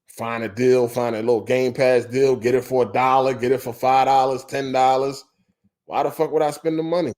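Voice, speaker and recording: A man's voice: mid-range voice, steady tone, moderate pace, a little mellow. A man hosting a gaming podcast livestream, talking on a headset in a loose, profane rant and repeating his points. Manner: profane, ranting, repeats himself. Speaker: podcast host. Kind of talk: casual livestream chat.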